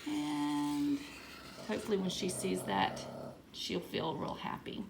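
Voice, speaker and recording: A woman teacher giving a writing lesson to young children, reading example words slowly and with exaggerated emphasis. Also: lowish voice, creaky, slight background noise. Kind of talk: early-grade writing lesson.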